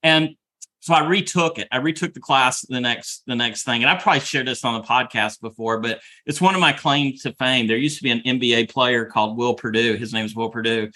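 Middle-aged podcast guy, bright tense voice, keeps repeating himself in casual chat. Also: mid-range voice, brisk. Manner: rambling, repeats words while talking. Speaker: podcast co-host.

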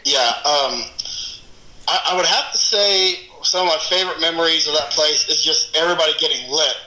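Bright-voiced laughing man, roomy sound. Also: a little high, brisk, slight background noise. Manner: swearing, laughing storyteller. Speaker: former club DJ, guest. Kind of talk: casual reminiscing chat.

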